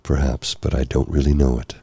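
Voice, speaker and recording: Tired, hoarse male ASMR host; extremely deep, dark, gravelly voice; soft, rambling, apologetic delivery. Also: flat delivery, brisk, dry recording. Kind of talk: soft-spoken ASMR live stream. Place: candlelit room at home. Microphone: close mic for ear-to-ear speaking.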